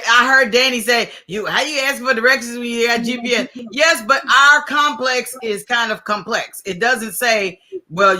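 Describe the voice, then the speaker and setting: A woman's voice: a little high, bright, forceful tone. A woman co-hosting a podcast, chatty and emphatic as she tells a story in casual talk. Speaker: podcast co-host. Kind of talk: casual chat.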